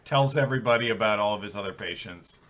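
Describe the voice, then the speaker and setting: A man playing a comedy tabletop game, chatting lively as he recaps the story. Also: lowish voice, quick pace. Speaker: player. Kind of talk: casual comedy game chat.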